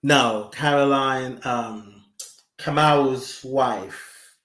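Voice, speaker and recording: Expressive man in an echoey room. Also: medium pitch, very slow. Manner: expressive, animated, breaks into emotional storytelling. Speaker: guest. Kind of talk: reflective conversation.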